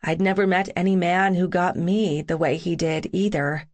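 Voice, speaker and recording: A woman's voice: on the low side, fairly even intonation, moderate pace, a little mellow. Woman, audiobook narrator, first-person romance reading, dry and wry.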